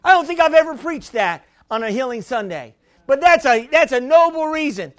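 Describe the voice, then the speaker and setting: A man with a strikingly high voice preaches with fervor, stumbling over repeated words as he presses his point. The sound is dry and close, with no room around it. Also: lively intonation, normal speed, dry recording. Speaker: pastor. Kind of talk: sermon.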